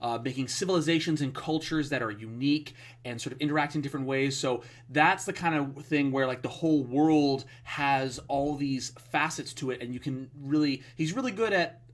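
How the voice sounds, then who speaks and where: A man's voice: medium pitch, moderate pace, few pauses. Rambling, enthusiastic podcast man. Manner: rambling, enthusiastic, many fillers. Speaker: podcast co-host. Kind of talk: casual podcast chat.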